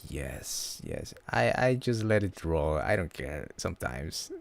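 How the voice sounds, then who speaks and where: A man chatting casually on a livestream, halting and restarting his words often. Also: extremely low pitch, wildly swooping pitch, creaky. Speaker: livestream host.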